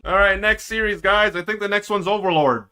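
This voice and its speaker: A man streaming himself reacting to an esports match, excitable and teasing, with drawn-out dramatic groans. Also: high-pitched, smooth, faint music behind. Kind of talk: casual live-stream reaction commentary.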